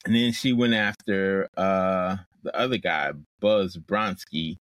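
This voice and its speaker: A man's voice: low voice, slow pace, fairly bright tone. A man co-hosting a podcast, chatting casually and animatedly about a movie, with fillers and laughs. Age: older than co-host. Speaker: podcast co-host.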